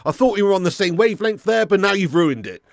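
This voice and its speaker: A man's voice: sits high, expressive, quick pace, vocal fry, no echo, studio quality. A man hosting a live football watch-along stream, chatting and laughing with viewers while a bit snotty and ill. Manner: chatty, reads chat aloud, laughs often.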